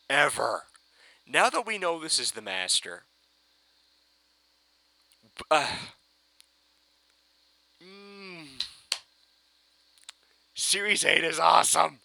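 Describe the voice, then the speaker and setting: Giddy ranting man, wildly swinging pitch. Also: creaky, dry recording. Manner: giddy, ranting, swearing, bursts into shouts. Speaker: fan reviewer. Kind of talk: excited reaction vlog.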